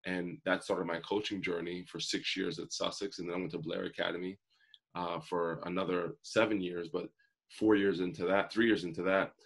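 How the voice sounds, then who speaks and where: Speaking at a normal pace in a low, gravelly voice with a breathy edge and little pitch movement, a motivational speaker in his forties shares his personal story as an interview guest. He is earnest and vivid, performing the quotes he recounts.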